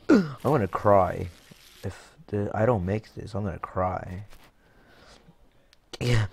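Slow-talking excitable young gamer guy. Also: on the low side, gravelly, slightly rough. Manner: excitable, jokey, with sudden yelps and shouts. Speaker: gaming YouTuber. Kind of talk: let's play commentary.

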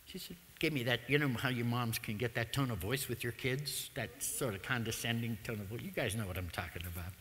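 A man, telling stories through a public talk in a humorous, animated manner. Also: mid-range voice, a little fast. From United States. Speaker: lecturer. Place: lecture hall. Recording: long reverb of a lecture hall.

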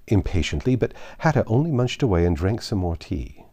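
A man narrating a classic children's book in an expressive storytelling manner. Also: deep voice, moderate pace. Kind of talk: audiobook reading of a classic.

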